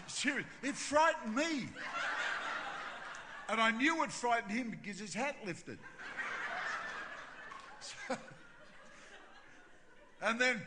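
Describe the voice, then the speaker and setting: A man, a pastor telling a self-mocking funny story in a sermon, with animated delivery. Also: high voice, background noise. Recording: reverberant hall with faint ambience.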